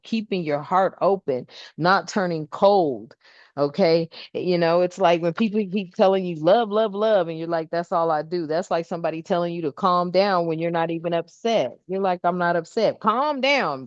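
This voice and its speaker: A woman with a lowish voice gives a casual tarot card reading to her followers. She talks in a chatty, emphatic way with slangy asides. The recording is dry and slightly dull. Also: no echo. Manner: chatty, emphatic, laughs often, slangy and expressive.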